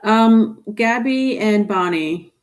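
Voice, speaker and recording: A woman's voice: on the high side, takes it slowly. A woman doing a live-stream tarot reading, chatting casually and reading viewer comments aloud. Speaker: tarot reader.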